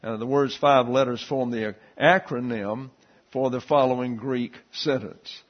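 A man teaching a Bible class, explaining Greek letters and a verse in a steady, explanatory way with frequent fillers. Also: mid-range voice, a little slow, lo-fi sound.

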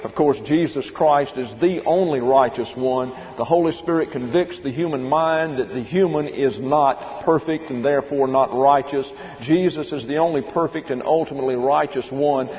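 A pastor preaching verse by verse, stopping to explain the Greek behind the words and telling listeners to note them down. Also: male voice, mid-range voice, moderate pace, hardly any pauses. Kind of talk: expository sermon. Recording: dull lo-fi recording in a reverberant hall.

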